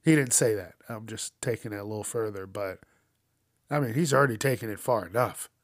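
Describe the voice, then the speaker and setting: A man's voice: fairly low pitch, a little fast, no room sound, studio quality. A man hosting a casual news commentary show, swearing often and ranting with frequent laughs. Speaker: host.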